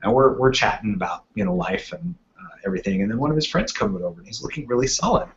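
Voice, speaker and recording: A man's voice: mid-range voice, very animated, fast talker, gravelly, a bit bright, a little hiss or hum. A man co-hosting a gaming podcast, telling long rambling anecdotes and acting out what people said. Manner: rambling anecdotes with acted-out quotes. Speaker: podcast co-host. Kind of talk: casual storytelling chat. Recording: muffled lo-fi podcast audio.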